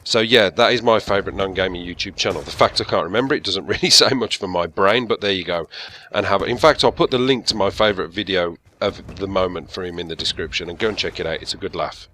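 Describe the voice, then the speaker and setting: Fast and forceful, an English gaming channel host with a Birmingham accent chats openly and wanders off topic during a laid-back Q&A. His low, bright voice comes through a gaming headset with a bit of hiss or hum.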